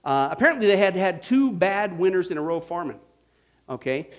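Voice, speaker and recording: A preacher from Kansas, United States, with a notably high voice teaches a Bible study as a storytelling sermon to a live audience. Speaking fairly quickly in an animated, folksy manner, he chuckles at his own homespun tales and keeps tossing "okay?" and "right?" to the congregation.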